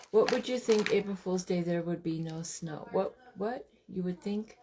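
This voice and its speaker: A woman's voice: fairly low pitch, noisy background. A middle-aged woman from Montana hosting a live craft stream from home, chatting as she works and greeting viewers by name. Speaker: craft livestream host.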